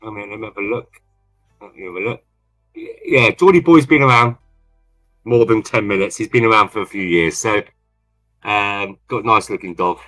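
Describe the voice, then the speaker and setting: A man's voice: lowish voice, normal speed, long pauses, sharp tone, faint music behind. A man from England, co-hosting a livestream in rambling, casual chat and repeating himself often. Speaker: livestream co-host.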